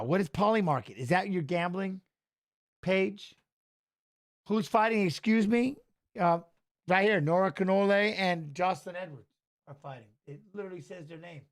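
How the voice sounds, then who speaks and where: A middle-aged man hosting a live fight watch-along, excitable and shouting at the fighters while chatting with viewers. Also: high-pitched. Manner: excitable, talks fast over the action, shouts at fighters. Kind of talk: live fight commentary and chat.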